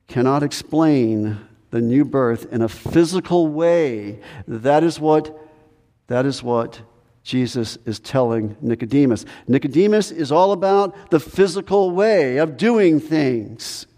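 Male pastor, mellow voice pitched a bit high, emphatic preaching, long hall echo. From United States. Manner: emphatic, repetitive preaching with dramatic pauses. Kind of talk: sermon.

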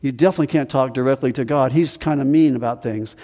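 A man preaching a sermon with earnest emphasis, slowing down on key phrases and rising in pitch when stressing a point. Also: dark tone. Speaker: pastor. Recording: long hall reverb.

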